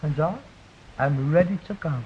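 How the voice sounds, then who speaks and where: Guy doing a fed-up sarcastic son, high-ish voice, dull hissy old radio sound. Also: moderate pace, close to an everyday voice. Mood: sarcastic despair. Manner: sarcastic, self-pitying grumbling. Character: frustrated grown son stuck in a junk business. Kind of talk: 1960s radio sitcom acting.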